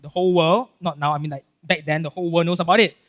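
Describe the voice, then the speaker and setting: A male pastor with a Singaporean English accent giving a casual, animated sermon, acting out Bible scenes and checking in with "right?" and "okay?". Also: a little high, quick pace. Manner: casual filler-heavy talk with frequent "right?" and "okay?".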